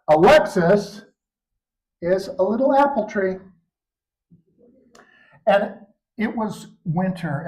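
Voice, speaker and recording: An older man telling stories in an animated, expressive way at a live storytelling performance. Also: on the high side, low-quality recording.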